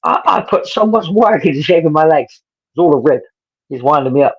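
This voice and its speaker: A man's voice: a little high, fairly quick, slightly rough, lo-fi sound. A man from England with an English accent, telling stories as a guest, animatedly acting out the people he quotes. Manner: animated storyteller who acts out quotes. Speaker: wrestling promoter and guest. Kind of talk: casual storytelling interview.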